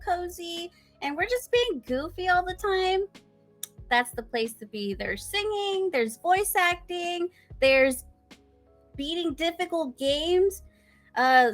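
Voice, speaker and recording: A woman's voice: very high-pitched, a bit bright. A young woman streamer chatting as a guest, bubbly and giggly. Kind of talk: casual interview chat.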